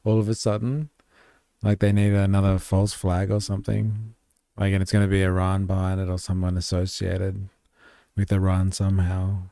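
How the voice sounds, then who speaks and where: A man's voice: low-pitched, little pitch movement, moderate pace, gravelly, mellow, no room sound, studio quality. A man hosting a livestream, casually commenting on news clips with sarcastic, profane reactions. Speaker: livestream host.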